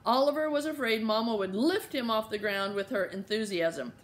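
A woman's voice: on the high side, normal speed. Woman narrating a children's audiobook. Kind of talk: scripted narration.

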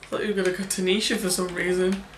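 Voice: mid-range voice, flat delivery, fast. A friend guiding a video game in casual chat, teasing and laughing. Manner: teasing, laughing, giving tips. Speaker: co-player and guide. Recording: echoey room with faint noise.

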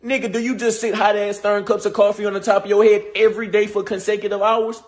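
A man's voice: high voice, flat delivery, fast, lightly acted. A man voicing an over-the-top wildlife-show presenter with a put-on Australian accent, mocking a haircut. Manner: exaggerated, mocking.

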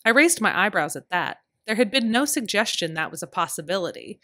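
A woman reading a historical romance audiobook in first person, in a measured storytelling manner. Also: medium pitch, very animated, bright, forceful tone, no room sound, studio quality. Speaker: author and audiobook narrator.

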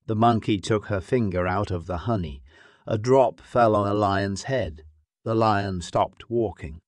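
Low-voiced guy reading a kids story slow and careful, dry close sound. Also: no echo. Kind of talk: scripted narration of a graded reader.

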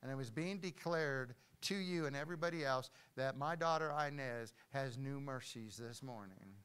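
An older man preaching a sermon as pastor in a church, swinging from hushed storytelling to loud declarations. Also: medium pitch, normal speed, clean tone. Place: church hall.

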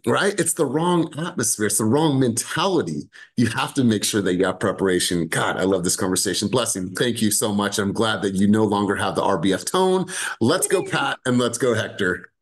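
A man leading a sales team over a video call, talking with lively energy and casual swearing. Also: fairly quick. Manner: animated, swears casually, acts out sales pitches. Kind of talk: energetic coaching talk.

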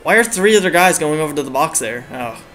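Young man, slightly high voice, excitable play-by-play gaming commentary, dry throat. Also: quick pace, soft background music. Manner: excitable, reacting to every play, groans and cheers. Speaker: gaming channel host. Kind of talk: live gameplay commentary.

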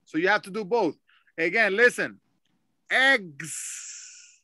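A man's voice: high-pitched, a little fast, pushed and bright, no room sound. A man teaching English over a video call, patiently drilling pronunciation and switching into Spanish. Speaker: ESL teacher. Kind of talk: online English lesson.

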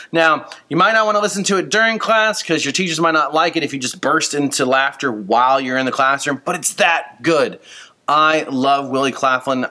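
Bright, upbeat man doing a book talk. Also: fairly high pitch. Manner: upbeat and enthusiastic, playful asides. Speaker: school librarian. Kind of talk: casual book talk to students.

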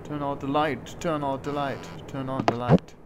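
A man's voice: medium pitch, fairly even intonation, normal speed, noisy background. A man giving let's play commentary on a horror game, talking to himself and yelping when he is startled. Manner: jumpy, talks to himself, yelps when startled.

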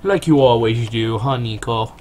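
A young man giving a rambling, self-deprecating, casual let's-play commentary from his computer at home, on a cheap mic. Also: moderate pace. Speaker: gaming channel host. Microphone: cheap desktop mic near keyboard. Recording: noisy low-budget home recording.

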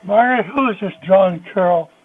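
A man's voice: high voice, a little fast. A suspicious, stern man answering a prank call, heard through the phone. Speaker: prank call target, husband. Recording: tinny phone line.

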